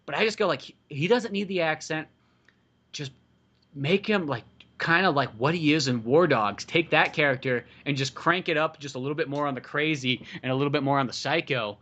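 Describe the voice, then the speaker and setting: A man's voice: fairly high pitch, fairly quick, pushed and bright. A man hosting a podcast, making his case in an emphatic, profane, casual way. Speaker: podcast host. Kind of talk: casual chat.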